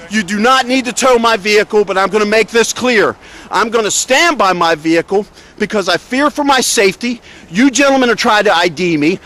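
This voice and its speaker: His high-pitched, slightly bright voice carries as he records police by the roadside outdoors. Confrontational, he protests indignantly and sarcastically, lecturing the officers as he goes.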